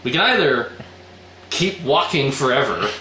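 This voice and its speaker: A man's voice: mid-range voice, very animated, measured pace, loud music behind the voice. A young man casually retelling a story in a loose, rambling way, swearing often and acting out the lines. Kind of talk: casual recap chat. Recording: roomy echoey room with faint noise.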